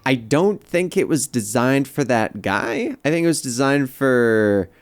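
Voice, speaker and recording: A man co-hosting a casual chat about a TV episode, with a wry, measured, hedging way of critiquing. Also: medium pitch, animated. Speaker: podcast co-host.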